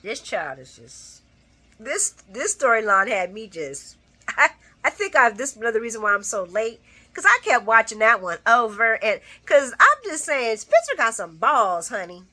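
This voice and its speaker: Woman, soap recap host, casual, profane, laughs a lot, sharp bright tone, very lively pitch. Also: moderate pace. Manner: animated, laughs often, acts out the characters' dialogue; blunt and profane. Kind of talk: casual spoken episode recap.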